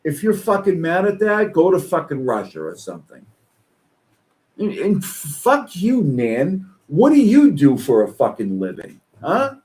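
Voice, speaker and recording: This low-quality recording captures a man streaming reaction commentary on online posts. He rants angrily and swears, talking slowly while his pitch swings in lively ways.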